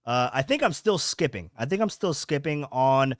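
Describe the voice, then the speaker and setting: A man's voice: medium pitch, very animated, moderate pace, no room sound, studio quality. A young man hosting a casual podcast livestream from a home setup, rambling, repeating himself and reading chat comments aloud. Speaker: podcast host. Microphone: home streaming setup.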